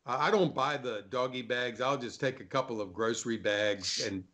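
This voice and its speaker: An older man in casual chat, telling animated anecdotes and acting out the people in them. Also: mid-range voice, normal speed. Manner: animated anecdote teller, acts out quoted voices. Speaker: panel guest.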